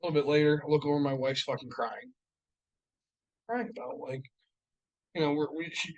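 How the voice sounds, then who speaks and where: A man's voice: on the high side, brisk, long pauses, muffled recording. A man with a slightly raised voice tells stories about home life on a casual podcast. He swears constantly and vents in a heated, ranting way. His voice climbs sharply whenever the frustration spills over. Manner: profane, ranting, heated storytelling. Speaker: podcast co-host. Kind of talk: casual chat. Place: podcast studio.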